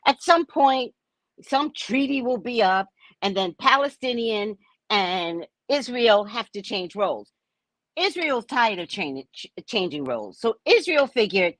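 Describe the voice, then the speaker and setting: An American woman hosting a casual livestream, talking to her chat in an animated way and laughing often. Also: fairly high pitch, a little slow, dry recording. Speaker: livestream host.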